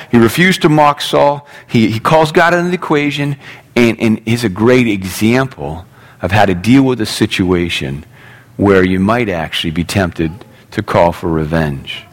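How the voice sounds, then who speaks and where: A man preaching a sermon in a casual, animated storytelling way, acting out the characters' lines as he goes. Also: mid-range voice. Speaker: pastor.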